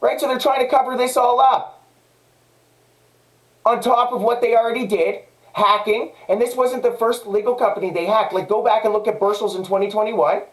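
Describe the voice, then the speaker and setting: A man's voice: very high voice, fairly even intonation, moderate pace, rough recording. A man with a Canadian accent delivering an angry, profane personal monologue, agitated and repetitive. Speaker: vlogger.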